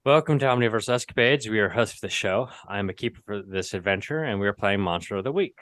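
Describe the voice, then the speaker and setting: A man's voice: lowish voice, animated, fast, fairly bright tone, no echo. A man hosting a live tabletop game over a video call, talking loosely with many fillers and restarts. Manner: rambling, filler-heavy, self-correcting. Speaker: game master and host. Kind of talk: casual chat opening a live tabletop show.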